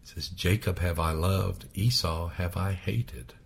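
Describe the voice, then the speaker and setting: A man preaching a sermon, swinging from loud raised passages to hushed whispers. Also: low voice, steady tone, measured pace, vocal fry, slight background noise.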